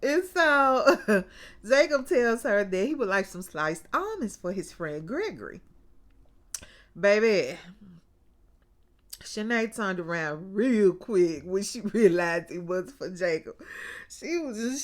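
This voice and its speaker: In a mid-range voice and at an easy, slow pace, a woman casually recaps a TV episode, chatty and colloquial, calling her listeners "baby" and "child." She's animated, laughs a lot, and drawls out her exclamations.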